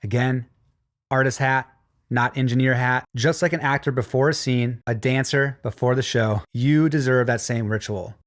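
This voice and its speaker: A man's voice: medium pitch, fairly even intonation, normal speed. Encouraging male vocal coach. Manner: encouraging, demonstrates hums and sung lines. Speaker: vocal production instructor. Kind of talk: instructional course narration.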